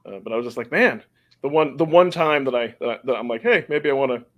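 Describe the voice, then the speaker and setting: A man talks at a mid pitch as he hosts a relaxed podcast. He chats easily, laughs a lot and now and then trips over words. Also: fast. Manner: chatty, laughs often, stumbles over names. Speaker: podcast host. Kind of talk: casual podcast chat.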